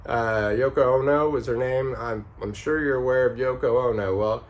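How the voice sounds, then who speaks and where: Rambling, halting male storyteller. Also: medium pitch. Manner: rambling, halting, many fillers. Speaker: vlogger. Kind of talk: casual storytelling.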